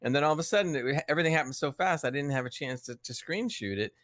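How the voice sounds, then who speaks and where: A man's voice: fairly high pitch, fast, a bit bright, no echo, clean studio sound. A man on a podcast, casually telling a gaming story with chuckles and friendly asides. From United States. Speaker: podcast co-host. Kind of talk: casual chat.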